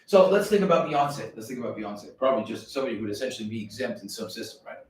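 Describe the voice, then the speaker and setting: A man's voice: medium pitch, rapid-fire. Rambling man in an echoey room. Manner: rambling, animated, swears freely, slips into quoted voices. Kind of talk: rambling monologue. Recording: very echoey room, mic at a distance, faint noise.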